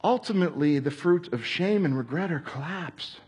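A man's voice: fairly high pitch, lively intonation, moderate pace, a little mellow, breathy edge. A man preaching a sermon in a conversational way, acting out quoted voices and at times dropping to a whisper. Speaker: pastor.

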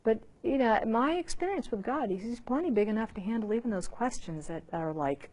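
A woman's voice: medium pitch, fairly quick. A woman teaching a Bible lesson to a group in an informal, conversational way, repeating herself and acting out little asides. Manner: animated, conversational, many restarts and acted asides.

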